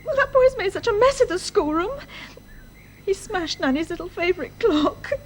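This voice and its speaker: Casting: very high-voiced teenage girl, tearful and indignant, radio drama. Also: animated, fast. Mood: distressed.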